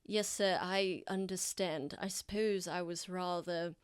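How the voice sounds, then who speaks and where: A woman's voice: on the low side, steady tone, a little slow, smooth, dry recording, clean studio sound, lightly acted. A woman voicing a dutiful male army major who answers his superior in formal, deferential speech. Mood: guarded.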